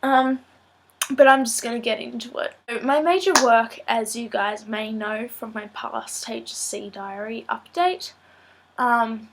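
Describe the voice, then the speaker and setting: A woman's voice: a little high, steady tone, a little slow, creaky, a little hiss or hum. A girl in her late teens vlogging casually to camera, a little nasal from a blocked nose and sore throat, chatty and rambling with plenty of ums. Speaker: student vlogger. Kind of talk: casual vlog talk to camera.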